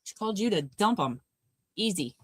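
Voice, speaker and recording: A woman's voice: medium pitch, expressive, moderate pace, dry recording. A woman co-hosting a live movie watch party, chatting casually and rambling about films, laughing often.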